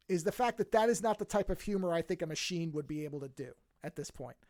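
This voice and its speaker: A man with a high voice rambles through casual podcast chat, restarting his sentences and amused at his own jokes. The sound is dry and close, with no room around it. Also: quick pace, few pauses, darkish tone, no room sound. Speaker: podcast co-host.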